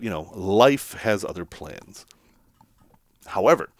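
A man's voice: a little high, no room sound, clean studio sound. A man casually telling a story to his camera, chatty and self-deprecating, laughing now and then. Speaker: van life vlogger.

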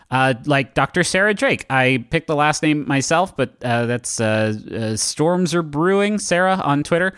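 A man hosting a podcast and narrating as game master, halting with many fillers as he describes scenes. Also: on the high side, lively intonation, fairly bright tone, clean tone, dry recording, studio quality.

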